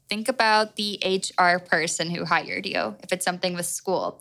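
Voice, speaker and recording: A woman's voice: fairly low pitch, a bit bright, smooth, poor audio. A young adult woman hosting a solo podcast, giving chatty, encouraging advice with lots of "like" in her speech. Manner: chatty and encouraging, heavy use of "like". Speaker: podcast host. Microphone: own microphone.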